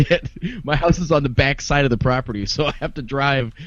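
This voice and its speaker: A man's voice: mid-range voice, a little fast. A man chatting casually on a podcast in a laid-back way, swearing in passing. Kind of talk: casual chat. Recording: dry, dull lo-fi podcast audio.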